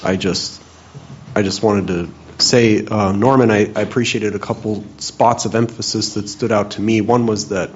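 Low-voiced guy musing thoughtfully at bible study, muffled lo-fi sound. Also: steady tone, a little hiss or hum. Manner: thoughtful, measured, restarts phrases. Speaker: church group member sharing. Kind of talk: reflective discussion.

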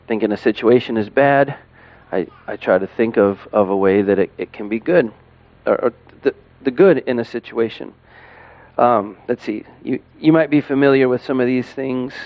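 A middle-aged man, a parent, talking casually and haltingly, with lots of fillers and restarts. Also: medium pitch, no room sound, highs cut off. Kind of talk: casual monologue to camera.

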